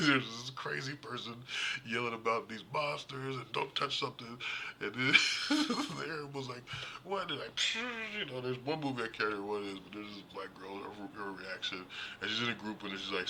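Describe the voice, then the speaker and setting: A man streaming live, chatting casually and animatedly about movies, laughing often and acting out characters in high voices. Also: pushed and bright, slight background noise. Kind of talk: casual rambling movie talk.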